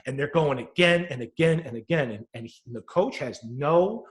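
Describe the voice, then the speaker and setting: Animated, swearing man telling stories. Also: fairly high pitch, normal speed. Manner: animated storyteller, swears freely, acts out quotes. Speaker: podcast co-host. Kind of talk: casual podcast chat.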